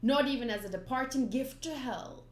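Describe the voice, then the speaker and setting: A sly, boastful pirate clown captain who taunts and drags out his words, as a woman reads him aloud from a comic. His voice sits a little high, and the room echoes noticeably around it. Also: natural voice. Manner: taunting, teasing, drawn-out lines. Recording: roomy echo.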